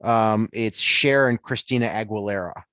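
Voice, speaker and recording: A man's voice: on the low side, moderate pace, a bit bright, no room sound. A man co-hosting a sports podcast in casual chat, easygoing and hesitant, with many ums. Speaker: podcast co-host.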